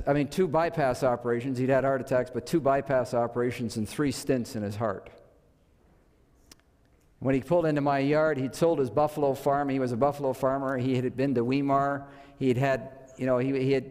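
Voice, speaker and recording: Conversational preacher in a reverberant church. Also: male voice, medium pitch, darkish tone. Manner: conversational, asks rhetorical questions. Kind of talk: sermon. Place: church sanctuary. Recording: long hall reverb.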